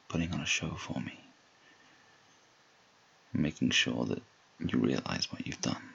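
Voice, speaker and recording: Man, deep and husky, whispered role-play, slow and dominant, teasing tone, muffled lo-fi take. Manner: slow, low murmured delivery.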